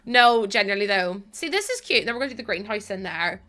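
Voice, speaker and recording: A woman's voice: on the high side, expressive, a little fast, few pauses, sharp tone. A young woman chatting to her stream while playing, ranting animatedly and laughing often. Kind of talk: casual chat while playing a game.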